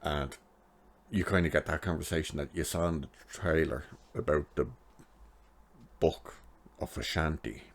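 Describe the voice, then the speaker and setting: A man's voice: extremely low pitch, unhurried, long pauses. A man giving a chatty, sarcastic recap of a TV episode, laughing at his own jokes. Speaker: TV episode reviewer.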